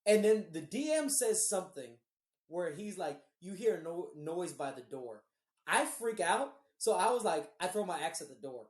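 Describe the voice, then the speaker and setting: Animated, swearing woman in an echoey room. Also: lowish voice, normal speed. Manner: animated, swears freely, acts out quoted dialogue. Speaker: podcast co-host. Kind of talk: casual storytelling chat.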